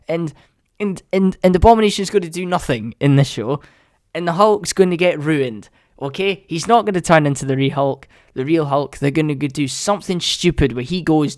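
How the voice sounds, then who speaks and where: A man's voice: a little high, lively intonation, moderate pace, dry recording, studio quality. A young man hosting a solo podcast, ranting in an exasperated, sarcastic way. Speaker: podcast host.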